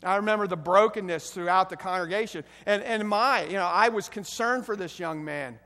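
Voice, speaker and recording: A middle-aged man preaching a sermon as pastor, emphatic and building to loud bursts. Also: high voice, brisk, long reverb tail.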